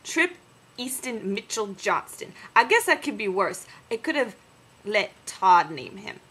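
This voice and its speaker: A woman voicing a blunt, unbothered young woman in a comic diary reading, with flat, matter-of-fact retorts. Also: mid-range voice, a little slow, husky, heavily acted.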